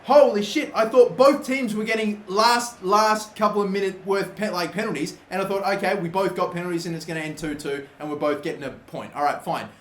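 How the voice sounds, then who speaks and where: A young man giving live commentary over a football video game, swearing freely and shouting at big moments. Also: sits high, brisk, few pauses, roomy sound, slight background noise. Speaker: gaming commentator.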